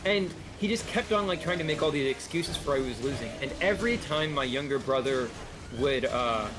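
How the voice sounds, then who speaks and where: A man chatting casually on a game stream, telling stories lively and mimicking people as he goes. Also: fairly high pitch, brisk, music in the background. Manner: animated storyteller who mimics people. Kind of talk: casual storytelling chat.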